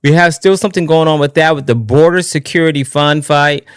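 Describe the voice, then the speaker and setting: Excitable man hosting a livestream. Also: a little high, fairly quick, clean tone, no echo, studio quality. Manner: excitable, rambling, restarts often, sings and shouts greetings. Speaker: livestream political show host. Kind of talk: casual live-stream talk.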